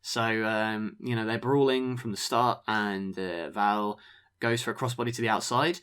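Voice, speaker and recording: A man co-hosting a podcast, recapping wrestling matches in a relaxed way, full of ums. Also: on the low side, normal speed, clean tone. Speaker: podcast co-host. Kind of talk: casual review chat.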